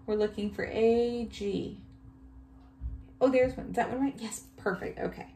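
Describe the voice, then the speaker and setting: A woman teacher giving a recorded reading lesson to young children, reading each line slowly and praising often. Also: a little high, mellow. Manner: slow, exaggerated reading aloud with cheerful praise. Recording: echoey room, faint background hum.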